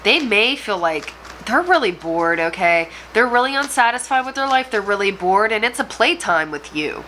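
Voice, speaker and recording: A woman's voice: medium pitch, expressive, normal speed, bright, forceful tone, slight background noise, poor audio. A woman tarot reader addressing viewers directly, talking in an emotional, rambling way. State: choked up. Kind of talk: channeled tarot reading to camera.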